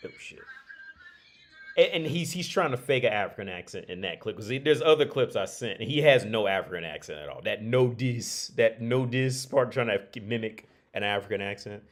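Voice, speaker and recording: Lively low-voiced man ranting on stream. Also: brisk, faint music behind. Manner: rambling, blunt and profane, with frequent restarts. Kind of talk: casual livestream rant.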